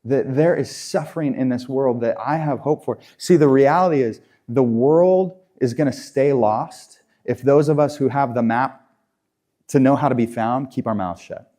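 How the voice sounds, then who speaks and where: A man's voice: medium pitch, moderate pace, warm tone. A man preaching a sermon in a conversational way, often repeating and restarting his phrases. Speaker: pastor.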